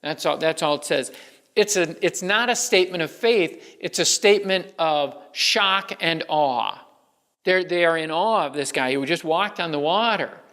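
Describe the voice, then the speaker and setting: Pastor preaching in a reverberant church. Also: male voice, on the high side, normal speed, bright, forceful tone. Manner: conversational, with many restarts and fillers. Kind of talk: sermon. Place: church sanctuary.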